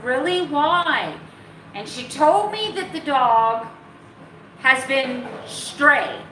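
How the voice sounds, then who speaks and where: A woman's voice: on the high side, bright, forceful tone, a little hiss or hum. Chatty woman vlogging in an echoey room. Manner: bubbly, baby-talks to her dogs. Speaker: keto vlogger. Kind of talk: casual chatty vlog. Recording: echoey room, mic at a distance.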